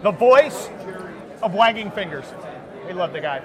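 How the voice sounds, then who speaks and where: A man co-hosting a podcast at a live event, joking loudly and calling out to people walking by. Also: high-pitched, lively intonation, measured pace. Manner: joking, loud, calls out to passersby. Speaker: podcast co-host. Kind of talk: casual chat at a live event. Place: busy conference floor. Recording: noisy crowded convention floor. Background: crowd chatter.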